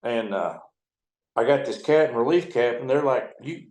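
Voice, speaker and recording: A man's voice: medium pitch, normal speed, darkish tone, reverberant, poor audio. A man in his seventies, a towboat captain, telling folksy, profane stories in an interview. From United States. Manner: folksy, profane yarn-spinning. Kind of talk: storytelling interview.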